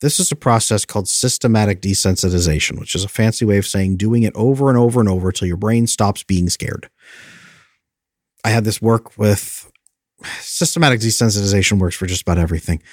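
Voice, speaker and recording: A man's voice: fairly low pitch, brisk, darkish tone, no echo, clean studio sound. A man who is an attachment specialist, explaining in an earnest, coaching way and briefly mimicking anxious inner voices.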